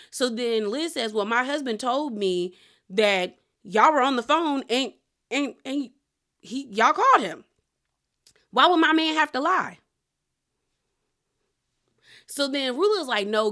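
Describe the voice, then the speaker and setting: A woman's voice: mid-range voice, fairly bright tone. A woman casually recapping a reality show episode, animatedly retelling who said what and laughing often.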